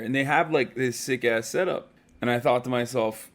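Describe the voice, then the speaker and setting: A man's voice: mid-range voice, normal speed. A man livestreaming from a hotel room, chatting casually with rambling, profane jokes.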